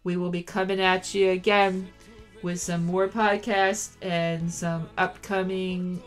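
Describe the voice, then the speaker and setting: A woman's voice: lowish voice, level tone, slow, faint music behind. A woman hosting a podcast, gushing and effusive, tearful and emotional as she talks. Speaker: podcast host. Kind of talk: casual interview chat.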